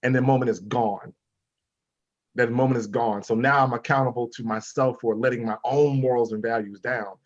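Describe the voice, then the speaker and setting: A man's voice: medium pitch, steady tone, normal speed, muffled recording. A man on a discussion panel, responding and affirming what others said.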